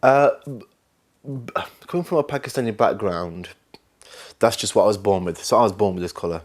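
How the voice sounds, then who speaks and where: Lively Northern English actor, low voice. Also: male voice, brisk. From north of England. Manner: animated, self-mocking, acts out other voices. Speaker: actor being interviewed. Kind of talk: candid interview talk.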